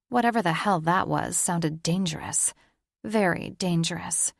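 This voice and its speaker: A woman narrating a fantasy romance audiobook in an even, measured way. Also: fairly low pitch, gravelly, dry recording, clean studio sound. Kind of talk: scripted narration.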